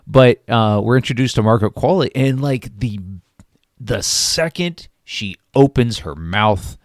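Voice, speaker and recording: A man from Florida co-hosting a casual film review, speaking haltingly with many fillers and restarts. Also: medium pitch, lively intonation, no echo, studio quality. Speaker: podcast co-host.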